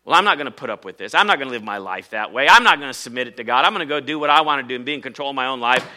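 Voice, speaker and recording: A man's voice: mid-range voice, expressive, very fast, sharp tone. A man, a pastor, voicing an arrogant man who scoffs at living by faith, dismissive and defiant. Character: arrogant scoffing man refusing to wait on God.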